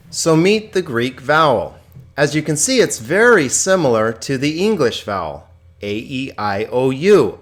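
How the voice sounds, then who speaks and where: A middle-aged man teaching a video lesson on Greek, enthusiastic and often chuckling as he explains. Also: mid-range voice.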